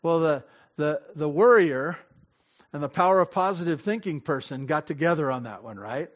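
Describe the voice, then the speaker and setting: Pastor guy w a slightly high voice, talks loose and chatty, lots of uh and little laughs. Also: moderate pace. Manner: chatty and self-interrupting, laughs often, acts out little dialogues; asks the audience direct questions. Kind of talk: conversational sermon.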